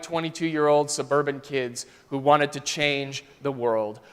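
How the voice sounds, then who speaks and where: A male pastor preaching a sermon as a vivid story, swinging between loud and soft passages. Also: fairly high pitch, clean tone. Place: church sanctuary. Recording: long reverb of a church sanctuary.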